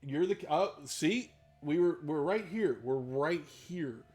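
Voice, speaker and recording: A man's voice: fairly high pitch, animated, slow pace, a little mellow, faint music behind. Man, game master, casual stream talk, rambling, enthusiastic, laughs a lot. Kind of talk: casual live-stream chat.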